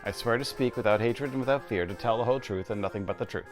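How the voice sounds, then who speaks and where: A man's voice: medium pitch, fast talker, soft background music, close to an everyday voice. A man reading game dialogue as a pompous, easygoing king with a genteel, dismissive manner. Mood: airy.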